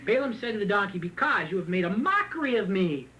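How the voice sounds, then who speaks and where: A man preaching a sermon, reading scripture and then retelling it in a joking, animated way with frequent laughs. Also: sits high, quick pace, slight background noise, rough recording. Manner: animated, joking, laughs often at his own asides; reads scripture aloud and then retells it in plain talk. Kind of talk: sermon with Bible reading and commentary.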